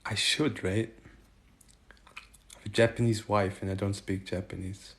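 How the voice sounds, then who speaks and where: A man from Germany hosting a casual livestream, chatting with viewers and haltingly trying out Chinese phrases. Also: lowish voice, level tone. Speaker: livestream host. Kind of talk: casual live chat answering viewers.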